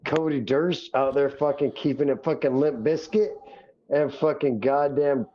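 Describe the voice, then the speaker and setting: A man's voice: medium pitch, fairly even intonation, unhurried, highs cut off. A man co-hosting a podcast, chiming in with hyped-up, profane interjections. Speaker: podcast co-host. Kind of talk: casual chat.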